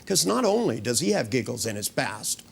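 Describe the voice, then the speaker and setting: A man hypnotizes volunteers in slow, soothing patter, with a gravelly edge to his voice. His pitch rises and falls widely as he coaxes them deeper, and he often repeats "that's right". He drops in playful jokes now and then. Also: very animated, a little hiss or hum. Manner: playful, joking with the audience. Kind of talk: live hypnosis demonstration with volunteers.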